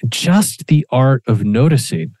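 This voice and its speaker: Animated storytelling man, dry close mic. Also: mid-range voice, slow, gravelly, no echo. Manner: animated, acts out quoted dialogue, swears casually. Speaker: podcast co-host. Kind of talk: casual storytelling chat.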